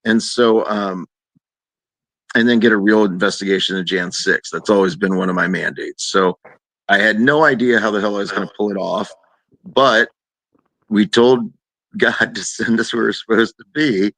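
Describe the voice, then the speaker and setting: A man's voice: normal speed, no room sound. A man telling a long story in a casual chat, acting out quoted people in a raised voice. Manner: animated, acts out quoted voices in a higher pitch.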